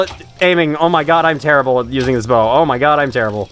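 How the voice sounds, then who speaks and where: A young man commentates his game live, laughing often and talking to the creatures he meets. His voice is mid-pitched and very lively, rising and falling a lot. Faint music plays in the background. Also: fast, hardly any pauses, clean tone. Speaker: streamer.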